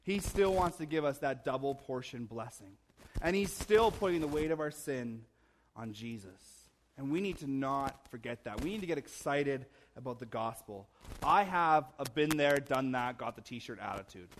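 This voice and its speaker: A man's voice: medium pitch, expressive, moderate pace, a little hiss or hum. A man in his thirties, a pastor preaching a sermon in a church, conversational with humorous asides and emphatic rises. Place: church sanctuary.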